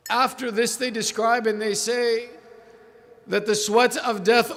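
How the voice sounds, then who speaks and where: High gravelly guy preaching a mourning sermon, slow then loud and wailing. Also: little pitch movement. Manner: quotes figures in a pleading voice without acting them out.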